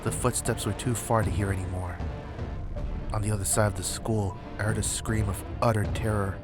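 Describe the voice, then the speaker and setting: A man narrating a horror story in a steady, suspenseful way. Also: lowish voice, normal speed. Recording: loud background music.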